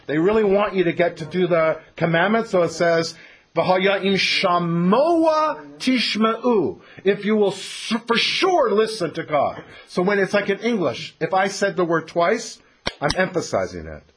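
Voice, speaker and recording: A man's voice: high-pitched, expressive, normal speed, husky. A man teaching a text study class, explaining emphatically and putting questions to his students.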